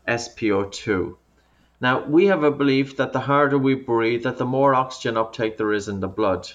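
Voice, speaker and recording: A man's voice: mid-range voice, a bit bright. A man working as a breathing coach, patiently explaining in an interview over a remote call, often restarting his sentences. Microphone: remote call audio.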